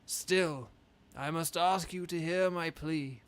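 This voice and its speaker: A man voicing a pompous old fish king in a video game, speaking in grand, drawn-out phrases with a Trump-like rhythm. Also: on the high side, a bit bright, smooth. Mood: jovial. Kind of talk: voicing game dialogue aloud on a stream.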